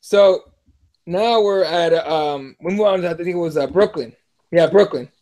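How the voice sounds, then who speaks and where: Male host, high voice, relaxed storyteller, reads chat comments. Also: moderate pace. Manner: storytelling, laid-back, reads viewer comments. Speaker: podcast host. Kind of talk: casual fight talk.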